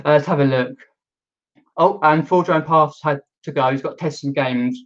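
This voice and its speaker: A man hosts a casual live stream, trailing off and restarting as he reads out viewer comments. His voice sits a little high, and it comes through dull, lo-fi stream audio. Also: moderate pace. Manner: hesitant, many ums and restarts, reads viewer comments aloud.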